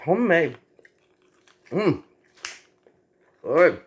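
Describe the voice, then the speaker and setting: Slow, cooing woman talking to her pet. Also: deep voice, very animated, lo-fi sound, slight background noise. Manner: doting, cooing baby talk to an animal. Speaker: pet owner filming her pet. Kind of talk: home video pet chat.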